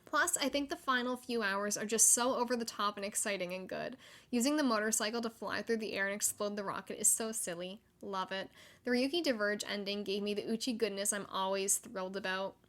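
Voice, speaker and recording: A young woman hosting a solo gaming podcast, chatty and excitable, with frequent likes and laughter. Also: mid-range voice, a little fast. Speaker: podcast host.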